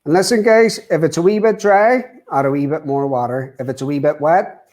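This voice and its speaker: A man's voice: on the high side, a little fast, a little mellow. A man cooking live on camera, talking viewers through a recipe in a chatty way, often saying "as I say" and "wee". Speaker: guest cook.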